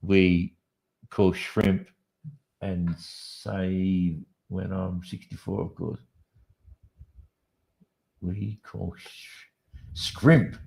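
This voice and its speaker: Aussie guy hosting a podcast, lowish voice, chatty and jokey, kinda rambly. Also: fairly even intonation, drawn-out words, creaky, pauses often. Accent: Australian. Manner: rambling, jokey, thinks out loud. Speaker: podcast host. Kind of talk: casual late-night podcast chat.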